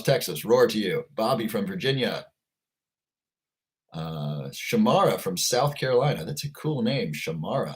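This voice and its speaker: Upbeat man hosting a livestream. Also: lowish voice. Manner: upbeat, greets viewers by name from the chat. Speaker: livestream host. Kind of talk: casual livestream chat.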